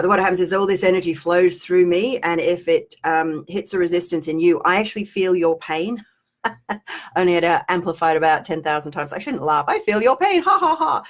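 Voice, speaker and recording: A woman, a spiritual teacher, talking to her viewers on a live stream and guiding them through a slow energy release, her voice sinking toward a whisper. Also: on the low side. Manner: soft, slow guiding voice that drops to a near whisper.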